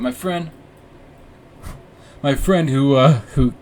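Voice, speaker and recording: A man's voice: medium pitch, slow pace, long pauses, a little mellow, a little hiss or hum. Rambling, profane young man telling a story. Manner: rambling, profane, self-mocking, with frequent restarts and fillers. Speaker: podcast host. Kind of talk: casual storytelling monologue. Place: room with warm orange lighting.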